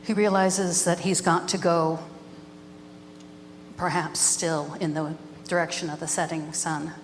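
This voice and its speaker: A woman storyteller telling a traditional tale live, with a gentle, rhythmic way of repeating her phrases. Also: sits low, level tone, measured pace, a little hiss or hum. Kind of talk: live oral storytelling over music. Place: live event. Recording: live with long reverb and background music.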